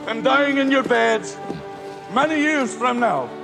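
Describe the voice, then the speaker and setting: A defiant Scottish rebel leader rouses his army with a stirring battle speech. His voice sits very high and he drives his words slowly, stretching out each line, while film score music swells underneath. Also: lively intonation, creaky, full character voice. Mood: defiant, rousing.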